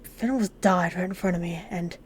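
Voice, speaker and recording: A woman's voice: fairly low pitch, a little fast, a little hiss or hum. A woman hosting a gaming video, dramatically reading a narrative game aloud in the first person with emotional intensity. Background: game music.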